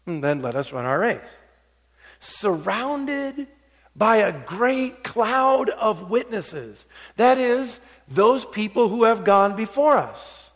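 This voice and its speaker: A middle-aged man preaching a sermon as pastor, telling stories and moving between quiet asides and rising exhortation. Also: high voice. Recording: long hall reverb.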